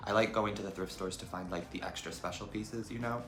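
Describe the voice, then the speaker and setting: Chatty young man vlogging, lowish voice. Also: steady tone, brisk, a bit bright, a little hiss or hum. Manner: chatty, trendy slang, frequent "like" fillers. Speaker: lifestyle vlogger. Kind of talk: casual vlog chat. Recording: echoey room with faint background music.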